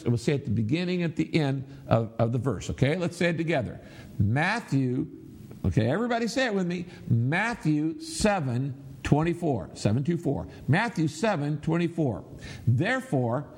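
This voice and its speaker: A man's voice: medium pitch, a little mellow. A middle-aged man preaching a sermon, teaching his congregation and leading them in reciting aloud, with emphatic repetition. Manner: instructive, leads the audience in reciting aloud; emphatic, repeats phrases for emphasis. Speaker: pastor.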